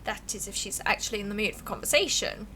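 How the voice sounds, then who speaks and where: Animated woman reading a game aloud. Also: medium pitch, slight background noise. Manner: animated, reads narration aloud and reacts with quick asides. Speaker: streamer. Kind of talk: reading a visual novel aloud on a livestream.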